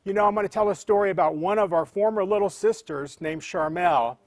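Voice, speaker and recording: A man's voice: high voice, a little fast, dry recording. A man who heads a charity, giving an earnest, heartfelt welcome speech. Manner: earnest, warm-hearted address. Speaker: charity president and CEO.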